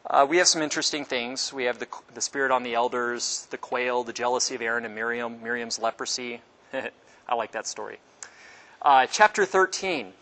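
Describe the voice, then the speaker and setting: A man's voice: normal speed, bright, forceful tone. A man teaching a Bible class in a conversational way, asking the class questions and acting out quotes. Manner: conversational, asks the class questions, acts out quotes with pitch jumps. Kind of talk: casual Bible class lecture.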